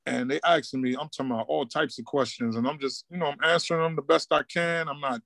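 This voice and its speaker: Newark coach guy, chill and chatty, kinda high voice. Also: fairly even intonation, fast talker, vocal fry, a bit bright, dry recording. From Newark, New Jersey. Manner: laid-back street talk, acts out quoted dialogue. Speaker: high school basketball coach, guest. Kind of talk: casual storytelling interview.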